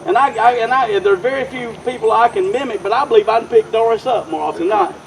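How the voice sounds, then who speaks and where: Mayor guy giving an outdoor speech, pretty high voice, wanders off track a lot, faint traffic hum behind him. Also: fast, poor audio. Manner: rambling, folksy, repeats himself and restarts. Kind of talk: informal public speech. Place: outdoors at a park ceremony.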